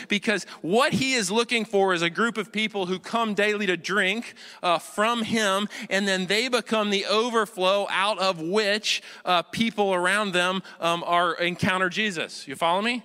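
A pastor giving a sermon, reading scripture and explaining it to the congregation in a conversational way, often asking them questions and building to fervent high points. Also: male voice, normal speed, few pauses, sharp tone, clear, resonant tone, big-room sound. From United States. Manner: conversational preaching, asks the congregation questions, rises to fervent peaks.

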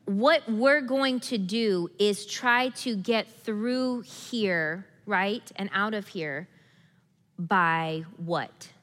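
Woman pastor, emphatic repeating sermon delivery, bright tone, long church reverb. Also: medium pitch, very slow. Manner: emphatic, repetitive, building to forceful declarations. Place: church sanctuary.

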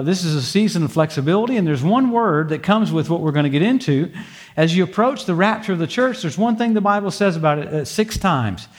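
An older man in his sixties preaching a sermon to a congregation in a church, folksy and humorous, dropping in praise and amens between stories, then leading a prayer. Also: high-pitched. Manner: folksy, humorous storytelling with frequent praise interjections. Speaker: pastor. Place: church sanctuary before a congregation.

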